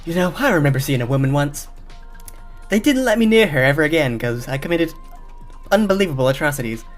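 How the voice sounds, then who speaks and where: A man's voice: a little high, animated, a little fast, soft background music, natural voice. A man doing a sleazy chef with a southern twang. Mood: smarmy. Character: sleazy small-time young male chef.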